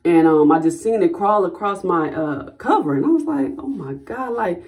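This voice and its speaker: A woman's voice: fairly low pitch, expressive, normal speed, a little mellow. A woman talking casually to her viewers, chatty and repeating y'all often. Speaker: vlogger. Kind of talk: casual talk to camera.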